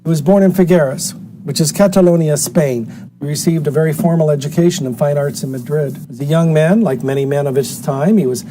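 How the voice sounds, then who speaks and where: A man's voice: fairly high pitch, fairly quick, noisy background. A man hosting a live TV art auction in a studio, chatting, joking and repeating words as he sells. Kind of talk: live auction sales patter.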